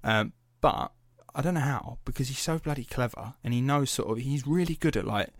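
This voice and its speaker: A man's voice: mid-range voice, fairly quick, dry recording, studio quality. A young man hosting a podcast, telling a story in a loose, chatty way, swearing freely and padding with fillers. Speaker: podcast host. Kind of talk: casual storytelling chat.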